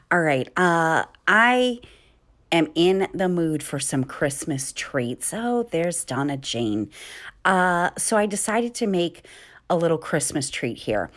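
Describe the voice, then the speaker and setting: Chatty woman vlogging at home. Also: fairly low pitch. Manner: animated, laughs often mid-sentence. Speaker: vlogger and mom. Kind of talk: casual chatty storytelling while doing chores. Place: home kitchen.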